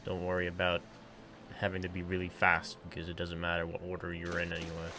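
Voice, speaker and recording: A man co-hosting a game stream speaks in a very low voice with a gravelly edge. He keeps things dry and matter-of-fact, with music clearly audible behind him. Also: monotone, fast. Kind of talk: casual game stream chat. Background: background music.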